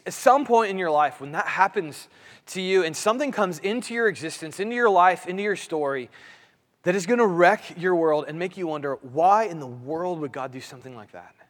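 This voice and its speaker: Male pastor, sermon delivery, earnest with repeated phrases, high voice, long hall reverb. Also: fairly bright tone. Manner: earnest preaching, repeats phrases, voice rises and drops.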